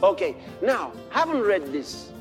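A man preaching a sermon, moving from quiet storytelling to shouted exclamations. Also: high voice, sing-song, unhurried, music in the background.

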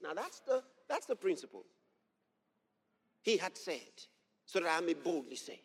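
A man preaching with a high, lively voice that swings up and down. He drives key phrases home by repeating them, reads scripture in old-fashioned wording and builds to shouts. The sound rings with the long reverb of a large hall. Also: normal speed, husky. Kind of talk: sermon.

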